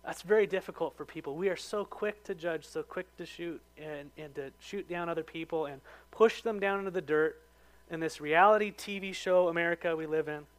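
A man pastor preaching a conversational sermon, raising his voice for emphasis and dropping it low for quiet asides. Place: church.

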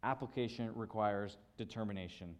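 A man's voice: on the low side, moderate pace. A man preaching a sermon, building emphasis through repeated phrases and rhetorical questions. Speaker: pastor.

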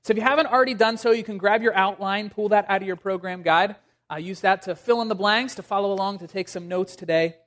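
A man's voice: sits high, fast, a bit bright. A young man preaching a casual, humorous sermon to a church congregation, joking and using many fillers. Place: church sanctuary.

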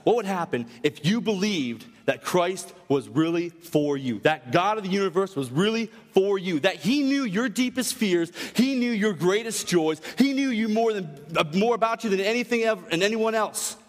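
A young man preaching a sermon, telling stories with animated delivery and acting out quotes in changing voices. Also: sits high. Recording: long hall reverb.

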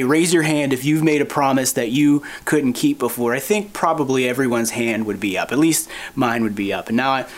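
A male pastor giving a sermon for an online church, relaxed and conversational, mixing in dad jokes. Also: medium pitch. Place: recorded for online church at home.

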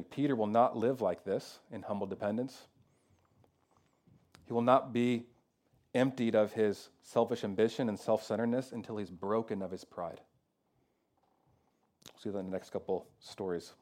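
A man preaching a sermon as pastor, talking casually with lots of "like" and "kinda," moving between loud emphatic peaks and quiet, low passages. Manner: conversational preaching with fillers like "kinda" and "like".

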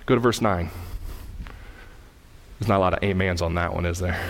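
A man's voice: fairly low pitch, steady tone, fairly quick, pauses often. A male pastor preaching a sermon in a conversational way, asking the congregation questions and acting out little dialogues as he tells a story.

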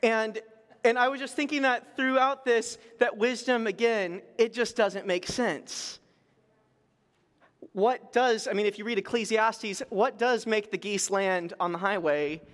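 A middle-aged man preaching, a pastor telling stories in a conversational, animated way with self-deprecating humor. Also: high-pitched, measured pace. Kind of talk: storytelling sermon. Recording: long reverb in a large hall.

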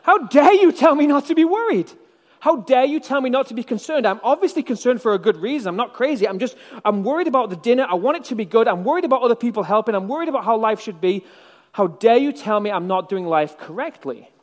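A man voicing an indignant, frazzled woman hostess who rapidly protests that her worry is justified. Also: very high-pitched, lively intonation, in a large hall, pitched above the performer's own voice.

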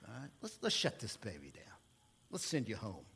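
A preacher voicing a smooth male car salesman, talking low and fast in a hushed sales patter. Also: wildly swooping pitch, exaggerated voice. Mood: hushed persuasion.

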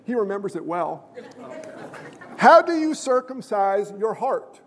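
Male pastor, very high voice, emphatic sermon, questions the congregation, long echoing hall. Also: big pitch swings, unhurried, a bit bright, some chatter behind, a little hiss or hum. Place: church sanctuary.

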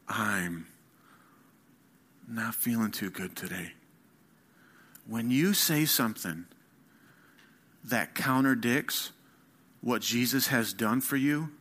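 Male preacher, sermon; slow, forceful, bright tone; hushed lows to loud urgent peaks. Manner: emphatic, swings from soft near-whispers to loud rising appeals; slow, deliberate delivery.

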